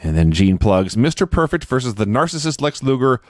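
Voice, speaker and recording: A man recapping a show for his podcast, his pitch swinging all over as he acts out what people said. The sound is dry and close, with no room in it. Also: brisk, no room sound. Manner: animated storyteller, acts out quotes. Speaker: podcast co-host. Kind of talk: casual recap chat.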